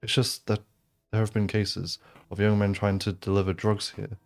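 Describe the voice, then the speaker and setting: A man's voice: fairly low pitch, level tone, moderate pace, creaky. A man voicing a suspicious elderly resident who formally quizzes a stranger about whether he lives in the building. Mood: prying. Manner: prim, nosy, formal questioning.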